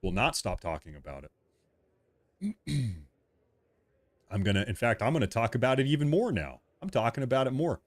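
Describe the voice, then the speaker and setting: A man's voice: mid-range voice, big pitch swings, normal speed, pauses often, no room sound. A man hosting a live stream of political commentary. He reacts to viewer chat in an emphatic, repetitive way, joking about being a little irritable.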